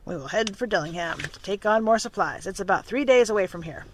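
Casting: reader doing a firm, commanding fishing captain, raises pitch and volume to bark orders. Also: lively intonation, fairly quick, slight background noise, natural voice. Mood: stern. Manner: barks orders when shouting. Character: gruff fishing boat captain, man, commanding.

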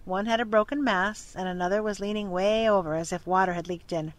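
Casting: calm, even storybook reader for a children's chapter book. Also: mid-range voice, fairly quick. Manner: steady, even-paced reading. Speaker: narrator. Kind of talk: storybook reading aloud.

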